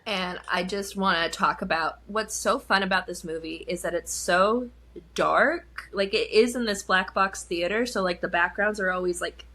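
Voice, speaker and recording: A woman's voice: mid-range voice, moderate pace, sharp tone. A young adult woman co-hosting a film podcast, chatting casually and laughing often. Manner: giggly, chatty, lots of laughing. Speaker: podcast co-host.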